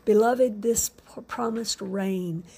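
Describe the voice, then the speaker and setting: A woman preaching a sermon with fervent emphasis, drawn-out phrases and soft asides. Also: medium pitch, breathy edge.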